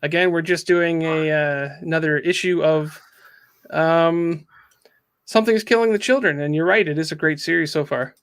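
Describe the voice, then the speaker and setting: Male host, slightly high voice, casual recap style, acts out the quotes. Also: normal speed, fairly bright tone, clean tone. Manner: recaps a story and acts out the quotes, with frequent ums. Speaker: comic book reviewer. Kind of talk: casual podcast chat.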